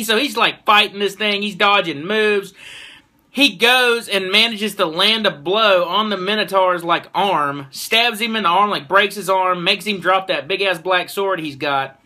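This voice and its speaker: A man giving a casual anime episode review, excitable and swearing freely as he retells a fight. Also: sits high.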